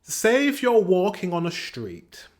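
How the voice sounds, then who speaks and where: Chatty Northern English man, fairly high voice. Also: wildly swooping pitch, a little slow. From north of England. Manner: chatty, rambling, laughs mid-sentence. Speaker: reaction video host. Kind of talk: casual commentary on a video.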